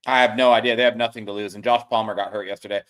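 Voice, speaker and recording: A man co-hosting a sports stream, ranting in frustration and trailing off quietly at the ends of thoughts. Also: lowish voice, fairly even intonation, very fast, clean tone. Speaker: co-host of a sports betting stream. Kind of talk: casual profane sports chat.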